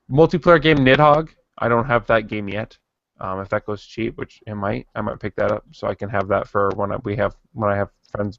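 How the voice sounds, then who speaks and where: A man co-hosting a casual podcast who talks haltingly, repeating words and mumbling. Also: on the low side, creaky, fairly bright tone, no echo, dull audio. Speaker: podcast co-host. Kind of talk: casual chat.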